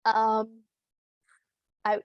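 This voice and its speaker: A woman's voice: a little high, completely flat delivery, drawn-out words, no echo, dull audio. A woman in her thirties from Canada doing rambling, self-deprecating stand-up comedy over a video call at a virtual open mic, laughing between her lines. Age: 30s.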